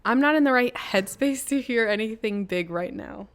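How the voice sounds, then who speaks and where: A woman's voice: on the high side, moderate pace, natural voice. A wary young college woman answers in a dry, guarded tone, read by a woman in her own voice. The lines come from an interactive story game and sound like everyday speech.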